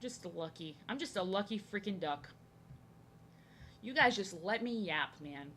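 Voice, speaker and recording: A woman's voice: medium pitch, lively intonation, measured pace, fairly bright tone, a little hiss or hum. A young American woman chatting and rambling casually to viewers while she draws. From United States. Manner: chatty, rambling, self-deprecating. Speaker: art streamer.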